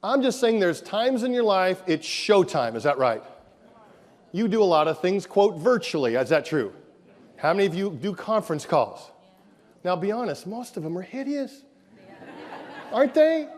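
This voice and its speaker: A man giving a high-energy keynote speech to a live audience, punchy and repetitive, often firing questions at the crowd. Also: sing-song, moderate pace, long pauses. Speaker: motivational speaker. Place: large conference room with an audience. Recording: reverberant conference hall.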